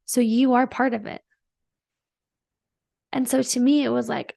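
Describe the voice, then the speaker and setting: Woman with a gravelly fry. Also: a little high, fairly even intonation, unhurried, long pauses, warm tone, dry recording, studio quality. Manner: chatty, full of "like" fillers; earnest and emotional. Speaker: podcast host. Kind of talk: personal storytelling.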